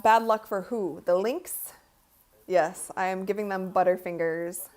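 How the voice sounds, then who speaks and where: A woman's voice: medium pitch, unhurried, darkish tone. Woman, live-stream host, casual game commentary, chatty, giggly, talks to her chat. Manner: chatty, giggly, chats with viewers.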